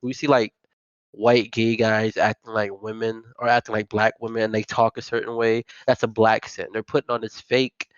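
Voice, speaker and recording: A man's voice: on the low side, level tone, normal speed, clean tone, no echo, highs cut off. A man hosting a casual podcast chat, rambling and packing his talk with filler words. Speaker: podcast host.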